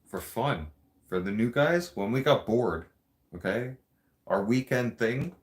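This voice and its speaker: A man's voice: mid-range voice, lively intonation, measured pace. A man hosting a podcast, telling stories casually in a blunt, profane way and laughing often. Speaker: podcast host. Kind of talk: casual storytelling.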